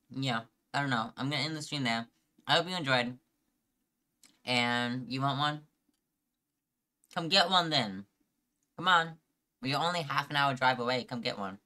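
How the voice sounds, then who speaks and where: A man's voice: mid-range voice, sharp tone. A man chatting casually to viewers on a live game stream, playful and teasing with mock-dramatic complaints.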